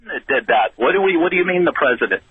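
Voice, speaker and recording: A man calling into a talk radio show, halting and stammering as he makes his point. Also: a little high, very animated, slightly rough, no room sound. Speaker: caller. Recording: tinny phone line.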